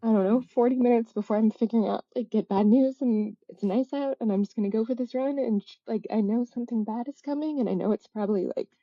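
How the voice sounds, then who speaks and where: A woman in her thirties telling a personal story as a podcast guest, halting and reflective, full of "like" fillers and self-corrections. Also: a little high, dark tone, no room sound, dull audio. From United States. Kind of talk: candid personal storytelling in a casual interview.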